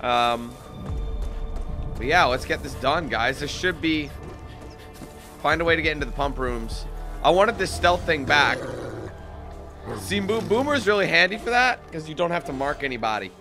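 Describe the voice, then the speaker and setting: A man hosts a casual let's play with game music clearly running underneath. His voice sits a little high, and his laid-back talk jumps into profane, frustrated yelling when the game goes wrong. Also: lively intonation, moderate pace, long pauses. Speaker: gaming channel host. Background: video game music and sounds.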